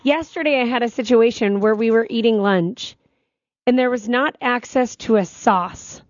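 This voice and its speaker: A woman, co-hosting a talk show and telling stories in animated, casual chat. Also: on the high side, moderate pace, dry recording, muffled recording. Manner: chatty, animated storytelling. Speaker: radio show co-host.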